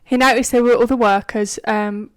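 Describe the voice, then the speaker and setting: A woman's voice: on the high side, steady tone, normal speed. A woman co-hosting a podcast, chatting casually with many fillers, laughs and the odd swear word. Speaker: podcast co-host. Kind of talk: casual chat.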